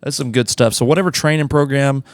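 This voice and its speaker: A man co-hosting a podcast, talking in a relaxed, casual way and chiming in with short agreements. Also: mid-range voice, fast talker, dry recording. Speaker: podcast co-host. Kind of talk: casual chat.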